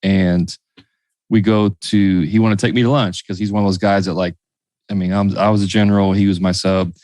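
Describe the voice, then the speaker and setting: A man's voice: low-pitched, flat delivery, a little fast, darkish tone, no echo. A man hosting a business podcast, chatting casually, telling anecdotes and joking dryly. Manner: dry, joking, tells stories. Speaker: podcast host.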